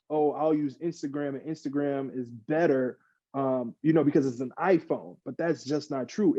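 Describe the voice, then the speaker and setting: A man, a podcast guest, chatting casually and getting worked up, acting out other people in quick mock quotes. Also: on the high side, dry recording, highs cut off. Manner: animated, rants with mock quotes. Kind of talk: casual chat.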